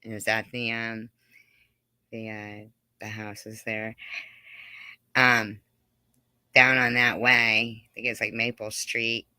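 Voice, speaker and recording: A woman's voice: very deep voice, flat delivery, takes it slowly, long pauses, sharp tone, no echo, clean studio sound. A middle-aged woman hosting a casual live stream, chatting with viewers in a rambling, giggly way full of fillers.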